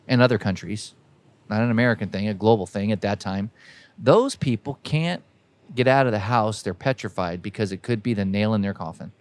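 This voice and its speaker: Guy podcasting, preachy folksy pep talk, mid pitch, really emphatic. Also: dry recording. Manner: folksy, emphatic, exhorting listeners directly. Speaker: podcast host. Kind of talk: preachy motivational monologue.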